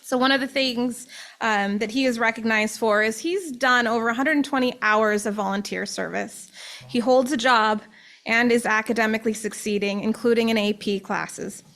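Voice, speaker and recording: A woman's voice: fairly high pitch, fairly even intonation, normal speed, a bit bright. Woman reading a formal award citation. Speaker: presenter reading an award recommendation. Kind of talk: reading a prepared statement aloud.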